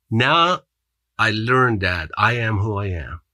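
A man's voice: lowish voice, expressive, a little slow, pushed and bright, no echo. A man with a foreign accent, a podcast guest telling his story in an earnest, motivational way with frequent restarts. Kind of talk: storytelling in an interview.

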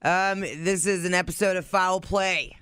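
A man's voice: sits high, fairly even intonation, measured pace, pushed and bright, smooth, no room sound, studio quality. A man co-hosting a morning radio show, brash and sassy as he reads out odd news stories. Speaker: radio co-host. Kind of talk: casual morning radio banter.

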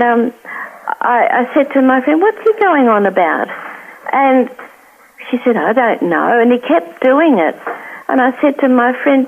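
A woman's voice: on the high side, creaky. Older woman over a tinny phone line. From Australia. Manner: earnest storyteller acting out quoted voices. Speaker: guest. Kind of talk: telling a personal story.

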